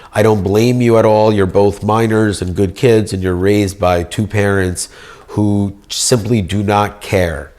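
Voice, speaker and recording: A man talks in a rambling, grandiose way, as if addressing a judge. His voice sits somewhat low. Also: a little mellow. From United States. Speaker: speaker pleading his case. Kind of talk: rambling monologue.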